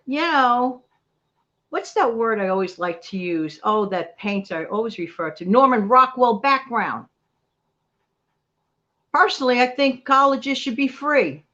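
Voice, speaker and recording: A middle-aged woman from New York City, speaking with a New York accent, motivates her viewers during a relaxed livestream chat. Her pitch is medium and her tone fairly bright, captured in lo-fi sound.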